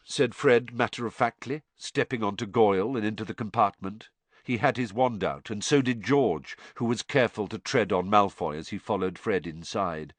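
A man narrating an audiobook in an expressive way, shifting voices for the characters. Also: on the low side, moderate pace, dry recording.

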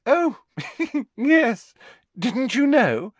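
Brief: man performing a teenage schoolgirl, high and lilting, sweet with an edge, audiobook. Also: very animated, moderate pace, dry recording. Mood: pointedly sweet. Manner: bright, emphatic, with a put-on giggle. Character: teenage girl, clever and pointedly sweet.

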